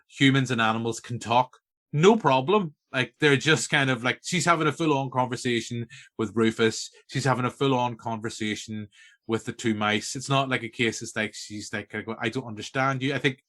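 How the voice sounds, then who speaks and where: A man's voice: medium pitch, fairly bright tone. A man with a Northern Irish accent hosting a casual film-review podcast, talking enthusiastically in a rambling way with many restarts. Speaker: podcast host.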